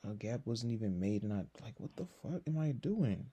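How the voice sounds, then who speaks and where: A tired young man running casual commentary on his own trading, slangy and full of fillers, dropping to low mutters and then breaking into loud swearing. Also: lively intonation, moderate pace, slightly rough. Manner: slangy, filler-heavy talk. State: tired from little sleep. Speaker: day trader streaming his session.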